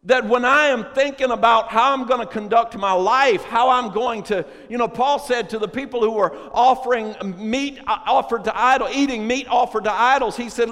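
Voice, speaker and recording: A man preaching a sermon to a congregation, moving from chatty asides to shouted, drawn-out, emphatic phrases. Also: very high-pitched. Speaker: pastor. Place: church sanctuary. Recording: long reverb of a large hall.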